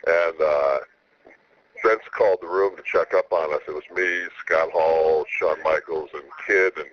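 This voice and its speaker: A man's voice: very deep voice, fairly even intonation, measured pace. A man talking casually as a guest in an interview, laid-back and rambling, with many stammered restarts. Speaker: wrestler guest. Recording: slightly muffled radio audio with faint hiss.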